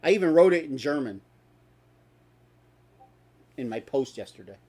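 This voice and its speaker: Brief: male host, lively swooping delivery, sarcastic profane rants. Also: mid-range voice, moderate pace, husky. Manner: angry, sarcastic, profane ranting. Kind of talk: ranting talk stream.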